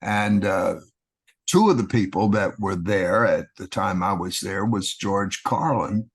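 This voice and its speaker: An older Texan man with a low voice tells stories from his acting days. He sounds animated and relaxed, and he sometimes slips into a polished broadcaster delivery. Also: unhurried, slightly rough. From Texas. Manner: animated anecdotes with broadcaster-voice impressions. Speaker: actor guest. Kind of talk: casual storytelling.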